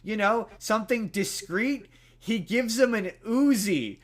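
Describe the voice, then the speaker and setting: A man's voice: high-pitched, expressive, measured pace. Chatty young man retelling a movie. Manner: rambling retelling of a movie plot with many fillers. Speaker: podcast co-host. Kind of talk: casual chat.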